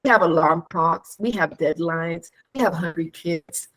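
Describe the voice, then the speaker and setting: A woman in casual chat, telling stories with animated energy, acting out quoted dialogue, laughing often and asking rhetorical questions. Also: lowish voice, a little slow, low-quality recording.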